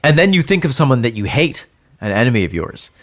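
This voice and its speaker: A man co-hosts a music podcast in relaxed conversation. His pitch moves a lot as he explains ideas. He talks thoughtfully, often restarting mid-thought. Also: quick pace. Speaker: podcast co-host. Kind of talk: casual chat.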